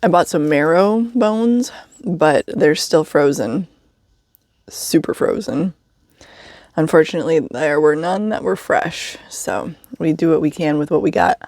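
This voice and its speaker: A woman's voice: sits low, unhurried, a little mellow, no echo, studio quality. A woman telling a story in a casual vlog, chatty, with wry asides and frequent laughs. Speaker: vlogger living in a vehicle.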